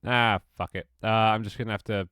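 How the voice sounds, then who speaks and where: A man's voice: fairly low pitch, fairly even intonation, a little fast, bright, forceful tone, clean tone, no room sound, clean studio sound. A man with a stuffy, congested nose, rambling and joking casually while streaming his game development work live. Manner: rambling, self-mocking, swears casually.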